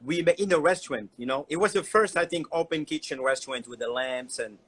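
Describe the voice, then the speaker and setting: Man, somewhat high voice, animated, repeats words, casual storytelling. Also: fast, low-quality recording. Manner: animated, repeats words, broken English phrasing. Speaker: chocolatier guest. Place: Instagram Live stream.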